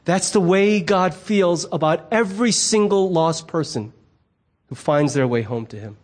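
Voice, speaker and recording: Pastor, man, middle-aged, fairly high voice; conversational sermon delivery, playful, does the voices of people in his anecdotes. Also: unhurried. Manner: animated storyteller who acts out quoted voices; conversational and humorous.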